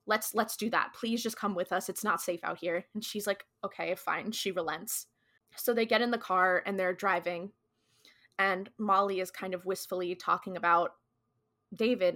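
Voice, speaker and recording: A woman co-hosts a podcast, giving a casual recap of a TV episode in a chatty, slangy way packed with "like". Her mid-range voice is bright and forceful, with a steady tone at normal speed.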